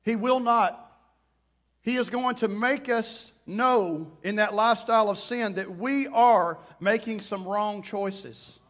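A man's voice: high-pitched, slow pace. A man preaching a sermon as pastor, impassioned and pleading at times, acting out quoted voices as he goes. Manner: impassioned preaching, rising to loud pleading prayer.

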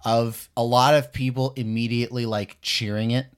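A man's voice: medium pitch, level tone, moderate pace, clean tone. A man from Canada co-hosting a casual podcast, talking in a blunt, profane and emphatic way. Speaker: podcast co-host.

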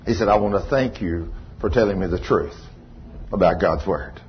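A man's voice: low voice, moderate pace, husky, lo-fi sound. A man preaching a sermon, telling stories with laughter and folksy phrasing. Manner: animated, laughing storyteller with folksy Southern phrasing. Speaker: pastor. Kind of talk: sermon storytelling.

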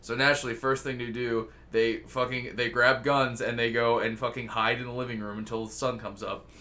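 A man casually telling a long story on a podcast, rambling, jokey and full of swearing. His voice is bright and forceful and sits at a middle pitch. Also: level tone, fairly quick. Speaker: podcast host.

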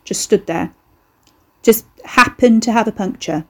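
A woman's voice: on the high side, a little slow, fairly bright tone, breathy edge, full character voice. A woman voicing a cocky young male eldritch horror, breezy, slangy and boastful. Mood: rambling.

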